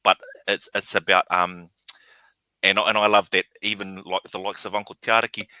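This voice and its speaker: A man's voice: low voice, little pitch movement, moderate pace, bright, forceful tone, smooth, dry recording. A man, a guest talking in an earnest, reflective way. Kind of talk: casual chat.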